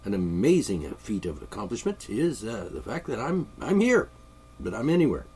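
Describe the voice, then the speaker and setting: A man's voice: fairly low pitch, sing-song, normal speed, mellow, slightly rough. A man with congested sinuses, delivering a sarcastic, rambling political monologue from his studio. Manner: sarcastic, mocking, chuckling. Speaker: podcast host. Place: home studio.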